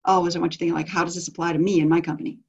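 Husky, enthusiastic woman coaching a group. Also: lowish voice, flat delivery, very fast, a little mellow, highs cut off. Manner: enthusiastic, affirming, laughs often. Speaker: business coach leading a group call. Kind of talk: coaching call talk.

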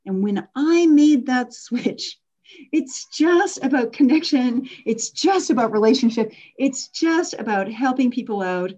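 A woman's voice: high-pitched, lively intonation, unhurried, a little mellow, highs cut off. A middle-aged woman hosting an online workshop, talking candidly and casually with fillers and laughs. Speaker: workshop host and coach.

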